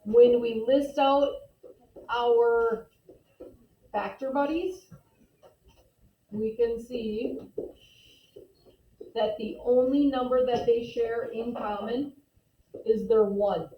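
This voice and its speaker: A woman math teacher patiently explains steps and calls on students during a classroom lesson. Her voice is on the high side and steady, with drawn-out words and long pauses. The mic is distant, giving an echoey, dull lo-fi sound.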